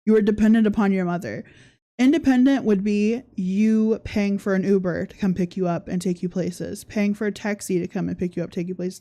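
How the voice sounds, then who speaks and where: A woman hosts a casual livestream, with sarcastic commentary broken up by frequent laughter. Her voice is mellow and warm, sitting at an ordinary middle pitch. She reads viewer comments aloud in an easygoing way. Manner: sarcastic, laughs often while talking. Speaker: podcast host.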